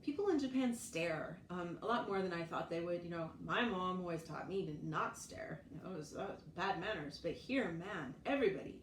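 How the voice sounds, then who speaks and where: A lower-voiced woman in her forties tells stories in a loose, chatty way, often laughing and acting out other people's lines. She is recorded from a few feet off in a room with plenty of echo and a faint hiss of noise. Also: lively intonation, fairly quick, hardly any pauses. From United States. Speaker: vlogger. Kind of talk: casual storytelling chat. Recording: echoey room, mic at a distance, faint noise.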